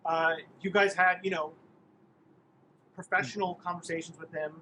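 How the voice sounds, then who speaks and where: A man running a tabletop game as game master, talking in halting bursts with many restarts. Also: high-pitched, steady tone, bright, forceful tone, a little hiss or hum, poor audio.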